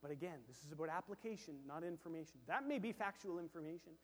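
A man with a high voice delivers a sermon from the pulpit, animated and swinging between loud emphasis and quiet, hushed asides. He slips into quoted voices to act out little scenes. The sound carries a long reverb, as from a large church hall. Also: fast talker. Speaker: pastor.

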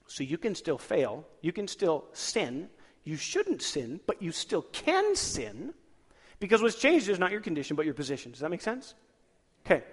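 A male pastor preaching a sermon, lively and chuckling as he asks the congregation questions. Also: fairly high pitch, breathy edge. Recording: long hall reverb.

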